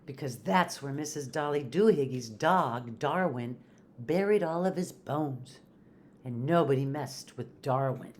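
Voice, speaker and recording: An older woman with a notably low voice reads a children's picture book aloud. She is a retired teacher, friendly and lively as she reads for kids at home. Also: measured pace, slight background noise. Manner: friendly, animated reading to kids. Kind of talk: storybook read-aloud.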